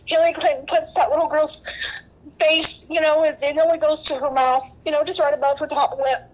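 A woman's voice: high voice, steady tone, fairly quick, highs cut off. A woman nurse, tearful and emotional, rambling through an interview with many restarts. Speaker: guest nurse.

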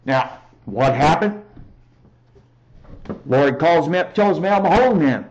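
A man giving a rambling, emphatic personal testimony on a talk show, often raising his voice to near shouting. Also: fairly high pitch, expressive, measured pace, pauses often, over music, poor audio.

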